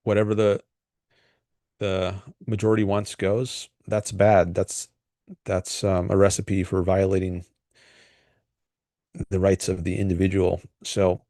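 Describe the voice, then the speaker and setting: A man hosting a solo livestream, talking through political ideas in a thoughtful, hesitant way with frequent pauses and restarts. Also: lowish voice, dark tone, no echo, studio quality. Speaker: livestream host. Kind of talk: casual solo commentary.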